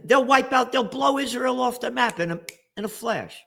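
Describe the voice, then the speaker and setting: A man giving ranting political commentary as an interview guest, sarcastic, with bursts of shouting. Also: very high-pitched, expressive, normal speed, creaky.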